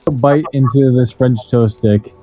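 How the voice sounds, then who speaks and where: A man playing a tabletop role-playing game, cracking deadpan crude jokes. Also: mid-range voice, normal speed. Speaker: player. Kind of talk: tabletop role-play banter. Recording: dull lo-fi recording with faint music.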